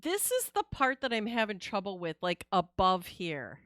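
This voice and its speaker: A woman's voice: mid-range voice, wildly swooping pitch, moderate pace, a bit bright, no room sound, clean studio sound. A woman streaming a game live, chatting casually and expressively with her viewers and reacting with laughs and sighs. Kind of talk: casual live-stream chat while gaming.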